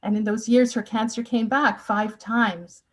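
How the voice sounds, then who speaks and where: A woman's voice: fairly high pitch, flat delivery, a little slow, poor audio. A woman in her sixties gives a personal testimony talk, telling her family's story with earnest, emotional emphasis. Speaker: speaker.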